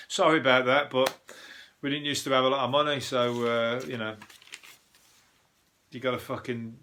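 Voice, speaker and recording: A male comedian rambling through a news-review podcast with lots of swearing and frequent chuckles. His voice is bright and forceful, set at a mid pitch for a man. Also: level tone, normal speed, pauses often, slight background noise. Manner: profane, rambling, chuckles often. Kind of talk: casual comedic news monologue.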